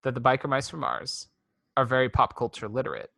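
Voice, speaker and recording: A male podcast co-host talking casually, with a wry, sarcastic streak. His voice sits at an ordinary middle pitch. The sound is dry and close, with no room in it. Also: sing-song, fairly quick, vocal fry, sharp tone, dry recording. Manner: chatty, wry, sarcastic asides. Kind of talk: casual chat reviewing a cartoon.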